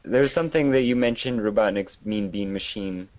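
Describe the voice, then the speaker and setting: A man's voice: lowish voice, normal speed, darkish tone, lo-fi sound. A man co-hosting a gaming livestream, chatting casually in a teasing, talkative manner. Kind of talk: casual chat.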